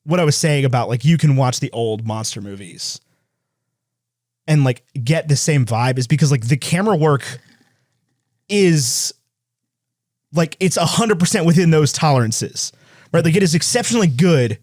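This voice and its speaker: A man co-hosting a movie podcast in casual chat, rambling quickly and laughing as he tells stories. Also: fairly high pitch, lively intonation, darkish tone, no echo, clean studio sound. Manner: fast, rambling, laughs while telling stories. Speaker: podcast co-host.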